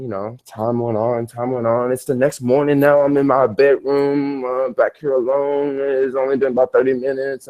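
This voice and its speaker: A man's voice: medium pitch, a little mellow. A man chatting casually on a livestream from his hotel bedroom, telling stories in a rambling, slangy way. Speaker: travel vlogger.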